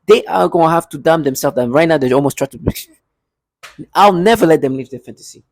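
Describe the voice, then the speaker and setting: A man's voice: fairly high pitch, animated, fairly quick, no room sound. A man delivering an agitated, repetitive rant to camera from his apartment, with bitter laughs. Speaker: vlogger. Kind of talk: angry monologue to camera.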